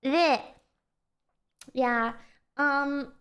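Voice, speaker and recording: A young woman streamer with a very high, childlike voice, chatting casually and giggling as she rambles. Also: steady tone, extremely slow, fairly bright tone. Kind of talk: casual livestream chat.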